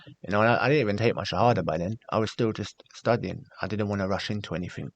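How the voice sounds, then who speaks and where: A man tells his story as a podcast guest in a low, gravelly voice. He speaks frankly and animates the people he quotes. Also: fast. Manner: candid, animated when recounting, acts out quoted voices. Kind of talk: casual storytelling.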